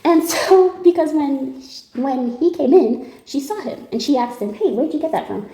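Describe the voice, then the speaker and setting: Young woman, storytelling, mellow tone, highish voice, roomy echo, slangy and animated. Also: moderate pace. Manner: animated, laughs often, slangy, quotes people in dialogue. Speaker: tarot reader telling a story. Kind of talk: casual storytelling.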